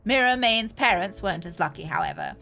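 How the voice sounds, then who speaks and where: A woman voicing a formal female TV news anchor in a game, reading a news segment in a measured newsreader manner. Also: medium pitch, animated, gravelly, pushed and bright.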